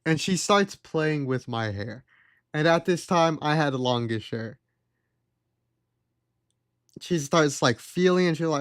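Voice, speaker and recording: Young male streamer, animated storyteller, fairly high voice, dry close mic. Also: measured pace, long pauses, no room sound. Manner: animated, mimics the people he quotes. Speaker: livestreamer. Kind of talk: casual storytelling.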